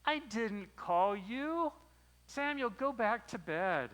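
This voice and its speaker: A man's voice: high-pitched, expressive, takes it slowly, a bit bright, pitched above the performer's own voice, heavily acted. A man doing a groggy, irritated old priest. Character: groggy old male priest woken at night.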